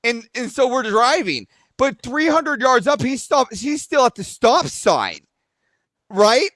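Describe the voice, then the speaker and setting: Brief: man with a very high pitch, rambling and profane, dry close sound. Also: sing-song, slow, dry recording. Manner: rambling, fillers like "right?"; acts out shouted arguments. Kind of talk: profane casual storytelling.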